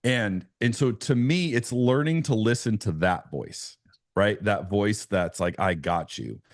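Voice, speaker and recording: A man's voice: lowish voice, unhurried, no room sound, studio quality. A man, a pastor, telling a personal story as a podcast guest, earnest and full of restarts. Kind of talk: conversational podcast interview.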